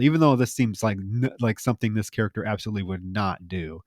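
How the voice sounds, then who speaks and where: A man co-hosting a podcast, recapping a film plot in a casual, animated way. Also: medium pitch, fairly quick, no echo, studio quality. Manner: animated retelling with lively emphasis. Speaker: podcast co-host.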